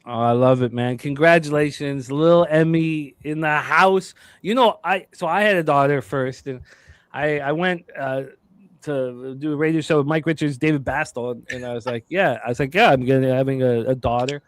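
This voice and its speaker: A man's voice: on the high side, moderate pace, dry recording. A man hosting a sports betting show, talking casually with rambling self-corrections and upbeat introductions.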